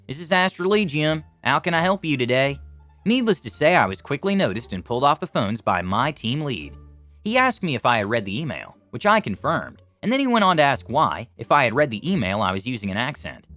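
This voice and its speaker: A man's voice: medium pitch, wildly swooping pitch, a little fast, a bit bright, soft background music. A man reading reader-submitted stories aloud as scripted narration.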